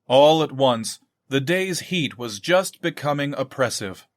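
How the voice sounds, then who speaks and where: A man reading a novel aloud in measured scripted narration. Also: medium pitch, animated, no room sound, studio quality. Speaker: audiobook narrator.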